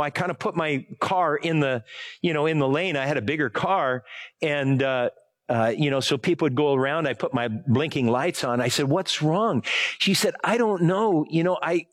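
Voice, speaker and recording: A man in middle age delivers a sermon as a casual story, his voice a touch higher than most men's. He rambles, corrects himself mid-sentence and asks the congregation to fill in words. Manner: rambling, self-correcting, asks the audience for help. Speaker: pastor. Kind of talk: conversational sermon with a personal story.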